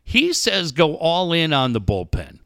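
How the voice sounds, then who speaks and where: A man hosting a loose talk show, excitable and swearing as he reacts. His voice is bright and a bit high, with a lot of lift in the pitch, and it sounds dry and close. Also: measured pace, vocal fry, dry recording. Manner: swears freely, excitable exclamations. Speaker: host. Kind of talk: casual chat.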